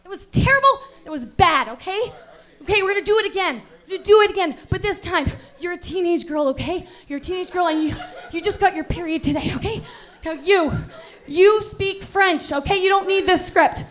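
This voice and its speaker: High-voiced woman doing stand-up crowd work. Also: a little fast. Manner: mock-serious acting teacher, bursts into outraged yelling. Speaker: stand-up comedian. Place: comedy venue stage.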